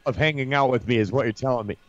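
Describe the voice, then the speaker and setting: A man's voice: medium pitch, racing, no echo. An American man co-hosting a live show, ranting and laughing in casual chat. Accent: American English. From United States. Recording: dull lo-fi sound.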